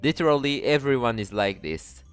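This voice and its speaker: A man commentating a game as he reads it aloud, jokey and prone to swearing. His pitch bounces all over the place, with faint music playing under him. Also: animated, normal speed, smooth, no room sound. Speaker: let's player.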